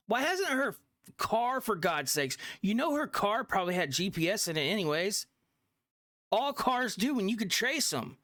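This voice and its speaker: A reaction host talking slowly over clips in casual commentary, pushing the same questions again and again in frustration. The pitch swings widely while the pace stays unhurried, and the dry, close sound has almost no room around it. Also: fairly bright tone, dry recording. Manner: frustrated, repeats questions insistently.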